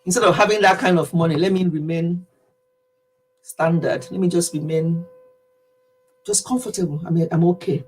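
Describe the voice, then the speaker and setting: A woman's voice: lowish voice, fairly even intonation, moderate pace, pauses often, darkish tone. A middle-aged Nigerian woman chatting casually with her livestream viewers, laughing often as she tells stories. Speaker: livestream host.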